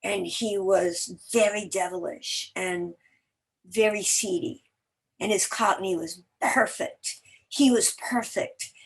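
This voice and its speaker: A woman's voice: mid-range voice, slow pace, gravelly, husky. Chatty woman telling stories. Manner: chatty, animated storyteller. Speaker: guest actor. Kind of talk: casual interview chat.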